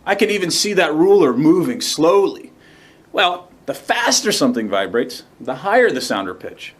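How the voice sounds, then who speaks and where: A man's voice: fairly high pitch, very animated, moderate pace, a little hiss or hum. A man hosting a science demonstration show, explaining step by step with enthusiasm. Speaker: science demo host. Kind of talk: upbeat educational demonstration.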